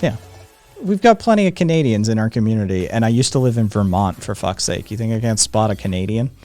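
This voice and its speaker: A man's voice: fairly low pitch, expressive, quick pace, mellow, soft background music. An American man hosting a live stream, chatting casually, rambling with lots of ums and frequent swearing. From United States. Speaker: streamer host. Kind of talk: casual chat.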